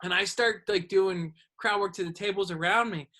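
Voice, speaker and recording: A man, a comedian and podcast host, telling a story in casual chat. He is animated and clears his throat often. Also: high-pitched, moderate pace.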